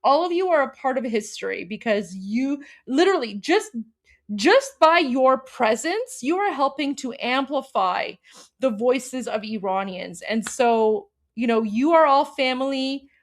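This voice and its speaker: A woman's voice: high-pitched, expressive, measured pace. A young woman hosting a political livestream, talking casually and emotionally to her viewers with many fillers and restarts.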